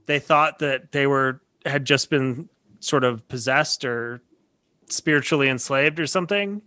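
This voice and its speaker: A man's voice: mid-range voice, measured pace. A man who teaches college, telling classroom stories in casual chat, laughing often and acting out his reactions. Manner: animated storytelling, laughs often, restarts. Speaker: podcast co-host, college teacher.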